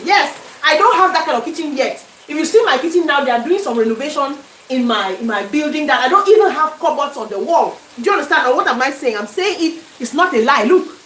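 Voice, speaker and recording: Emphatic woman, high voice. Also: a bit bright, roomy sound, recorded from a distance, slight background noise, poor audio. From Cameroon. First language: French. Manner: emphatic, preachy, keeps asking "do you understand?". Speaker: cooking channel host. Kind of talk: live-stream chat while cooking. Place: small home kitchen indoors.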